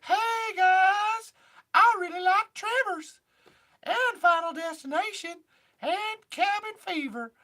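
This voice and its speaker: A man putting on the voice of a giddy young man in Florida, in a shrieking falsetto full of exclamations. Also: takes it slowly, pushed and bright, exaggerated voice.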